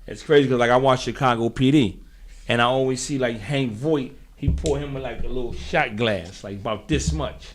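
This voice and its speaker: A man's voice: mid-range voice, moderate pace, a little hiss or hum. A man from hosting a podcast, talking in loose, slangy banter with frequent laughs. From Brooklyn, New York. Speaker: podcast host. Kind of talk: casual chat.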